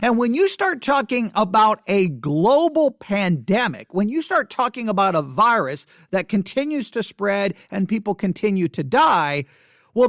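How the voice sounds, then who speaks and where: A man hosts a live broadcast with a high, lively voice that swings widely in pitch. He speaks in an agitated, emphatic, preacher-like way, repeating his points. The sound is dry and close on a studio microphone. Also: a little slow, no echo. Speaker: host of a live religious broadcast. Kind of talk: live-streamed commentary with Bible reading.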